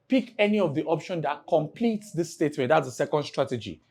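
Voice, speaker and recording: Male tutor, a bit high-pitched, emphatic classroom delivery, drills exam questions with the class. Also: lively intonation, a little mellow. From Nigeria. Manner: drawn-out emphatic reading of example sentences; addresses class with rhetorical questions. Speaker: teacher. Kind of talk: exam-prep English lesson.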